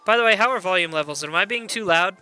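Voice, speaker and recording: A man's voice: sits high, fast, sharp tone, smooth, soft background music. A man casually commenting on a game playthrough live, wry and chatty, reading viewer messages aloud. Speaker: gaming streamer.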